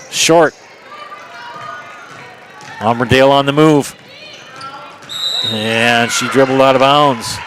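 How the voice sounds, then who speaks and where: A man calling a high school basketball game play-by-play, brisk, and rising for big plays. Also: over music. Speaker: play-by-play announcer.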